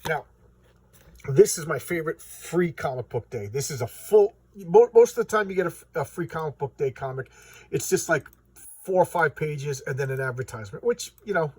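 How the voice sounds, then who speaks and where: A man's voice: on the high side, expressive, moderate pace, breathy edge, distant mic. A man reviewing a comic book in a casual vlog, enthusiastic and rambling with many restarts.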